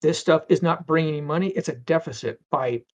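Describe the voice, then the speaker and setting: A man's voice: fairly high pitch, fast talker. A middle-aged man talking casually as an interview guest, rambling through anecdotes with stammers and acted-out quotes.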